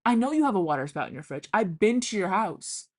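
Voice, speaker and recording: A woman's voice: medium pitch, sing-song, brisk, darkish tone. A young woman telling funny childhood stories in a chatty, casual way, swearing freely and acting out what people said. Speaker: vlogger. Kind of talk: casual storytelling.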